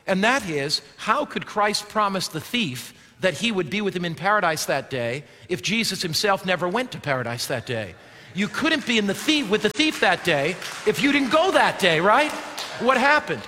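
A man preaching a sermon in a high, bright, forceful voice. He swings from loud declaiming down to a hushed near-whisper and throws rhetorical questions at his listeners. The long reverb of a big hall trails his words. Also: big pitch swings, normal speed, a little hiss or hum. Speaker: pastor.

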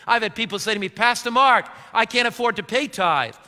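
A man's voice: sits high, expressive, fast, bright, forceful tone, long reverb tail. A man preaching a sermon as pastor, putting questions to his listeners and letting them answer. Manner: call-and-response questions to the congregation.

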